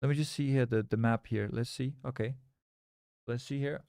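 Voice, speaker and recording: A young man talks loosely to his stream, circling back and repeating himself as he reads chat. His voice has a gravelly fry to it. The sound is dry and close to the mic. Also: medium pitch, steady tone, moderate pace, warm tone, no room sound. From Scandinavia. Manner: rambling, repeats words and restarts, reads chat aloud. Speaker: live-stream trader. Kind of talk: casual live-stream chat.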